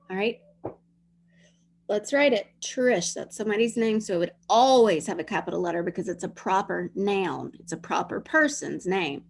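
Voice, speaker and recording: A woman's voice: mid-range voice, moderate pace, creaky. A woman teacher leading young children through a dictation lesson, sounding out words and spelling them letter by letter.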